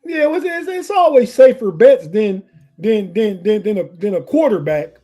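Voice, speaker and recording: A man's voice: sits high, lively intonation, normal speed, mellow, muffled recording. A man co-hosting a live sports podcast in a rambling, casual way, often restarting his sentences. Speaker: podcast co-host.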